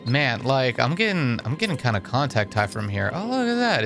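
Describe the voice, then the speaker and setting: A young man giving excitable, jokey gameplay commentary and swearing often. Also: mid-range voice, a little fast, gravelly, hardly any pauses. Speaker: gaming channel host. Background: game music and sounds.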